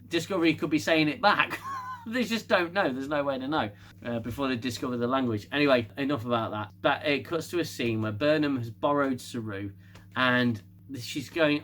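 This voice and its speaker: A man's voice: medium pitch, moderate pace, a bit bright, a little hiss or hum. A man casually recapping a TV episode, rambling with restarts and laughing often. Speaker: TV show reviewer.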